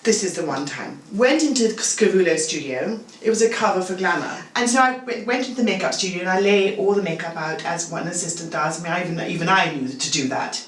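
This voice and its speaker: A woman in her sixties, a make-up artist, chatting and telling animated stories full of asides as a guest. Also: fairly low pitch, fast, hardly any pauses. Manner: animated anecdotal storytelling, full of asides like "you know" and "okay?". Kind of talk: casual chat. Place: home bathroom. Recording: roomy, distant-sounding, faint room noise.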